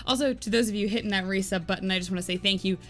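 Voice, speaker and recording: A woman's voice: mid-range voice, rapid-fire. A woman live-streaming a game, chatting casually with viewers in a rambling, giggly way full of "like". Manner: giggly, animated storytelling. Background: faint game music.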